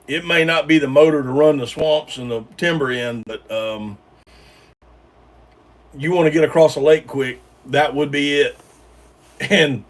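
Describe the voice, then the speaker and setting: Brief: male host, a touch high-pitched, casual meandering livestream talk with frequent restarts. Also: far from the mic. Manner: rambling, hesitant, full of ums and repeated starts. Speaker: livestream host reading chat. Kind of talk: casual live-stream chat.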